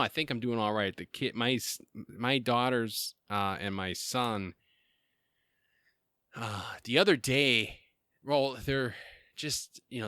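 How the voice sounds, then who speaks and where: A man's voice: medium pitch, bright, forceful tone, dry recording, studio quality. A man, hosting a podcast in a casual, rambling way, full of fillers and restarts. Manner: rambling, lots of fillers and restarts, laughs often. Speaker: podcast host.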